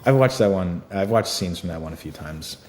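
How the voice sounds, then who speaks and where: A man's voice: deep voice, expressive, brisk, a little mellow. A man, an actor being interviewed, chatting casually with many fillers and easy laughs. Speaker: actor guest. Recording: echoey room with faint noise.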